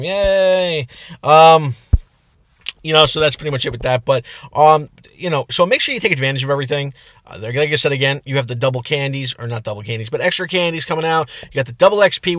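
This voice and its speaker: A man's voice: on the high side, fairly bright tone, dry recording. A young man hosting a gaming channel, giving rambling, casual game commentary outdoors with lots of fillers. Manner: rambling, chatty, with many fillers.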